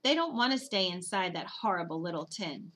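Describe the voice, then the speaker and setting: Woman reading little girl, cheeky, stubborn, defiant, bright, audiobook character. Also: on the low side, lively intonation, fairly quick. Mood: petulant. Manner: petulant, defiant.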